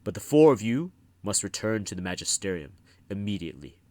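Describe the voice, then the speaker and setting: A stern older wizard master scolding his pupils, as an audiobook reader puts him on. His lively, commanding delivery rises and falls with reproach. The dry, close recording has no room sound. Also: on the low side, brisk, no room sound. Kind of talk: audiobook reading.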